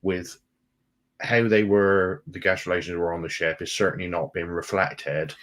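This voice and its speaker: A man chats casually on a travel live stream. His voice sits very low, and he speaks in a relaxed, plain way, often circling back to repeat a point. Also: normal speed. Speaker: travel vlog co-host.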